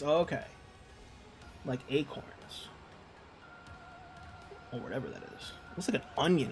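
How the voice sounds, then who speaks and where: A man's voice: mid-range voice, big pitch swings, takes it slowly, vocal fry, long pauses, soft background music. A man streaming a video game, chatting casually and joking with his viewers as he plays. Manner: chatty, joking, talks to chat and reads out messages. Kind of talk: casual chat while playing a game.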